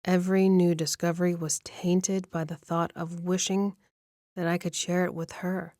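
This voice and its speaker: A woman narrating a first-person romance audiobook in an even, measured storytelling manner, close to the mic. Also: fairly low pitch, dry recording.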